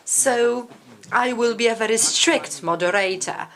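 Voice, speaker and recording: A woman interpreting academic conference talks in real time, measured and pausing often with hesitations. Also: on the high side, fairly bright tone.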